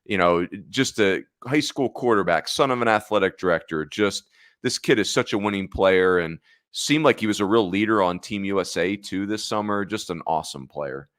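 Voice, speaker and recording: Low-voiced man chatting about baseball. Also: a bit bright, dry recording, clean studio sound. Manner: chatty, self-correcting, quick to laugh. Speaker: podcast co-host. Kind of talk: casual sports chat.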